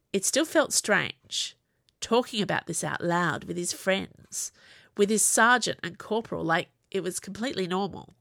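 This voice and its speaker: A woman giving an even, measured scripted narration of a novel. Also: medium pitch, vocal fry, dry recording, clean studio sound. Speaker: audiobook narrator.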